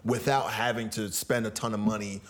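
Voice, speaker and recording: A man's voice: lowish voice, flat delivery, normal speed, a bit bright. A man hosting a parenting podcast who talks in a loose, casual way and uses lots of fillers. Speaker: podcast host.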